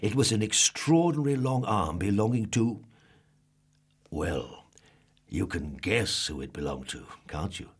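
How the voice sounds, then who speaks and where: A man's voice: lowish voice, expressive, unhurried, husky. A man reading a children's storybook aloud, asking the listener questions and drawing out words. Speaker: storybook narrator.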